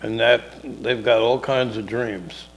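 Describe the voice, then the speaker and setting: A man's voice: mid-range voice, steady tone, slow, slight background noise, low-quality recording. A middle-aged man co-hosting a casual talk show, telling a rambling story and acting out the people in it. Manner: rambling, acts out characters in dialogue. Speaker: podcast co-host telling a story.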